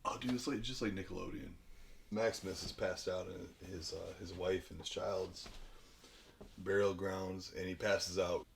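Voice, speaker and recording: A man with a somewhat low voice tells a film's story as a loose, profane comedy bit. He rambles and sometimes bursts into loud acted-out lines. Faint background hum sits behind him. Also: fairly even intonation, moderate pace, vocal fry. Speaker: podcast guest retelling a film. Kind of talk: profane comedic movie recap.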